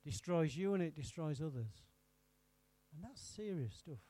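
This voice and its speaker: A man's voice: on the high side, animated, moderate pace, warm tone, husky. A man preaching an interactive sermon, teasing his congregation by name and firing questions at them.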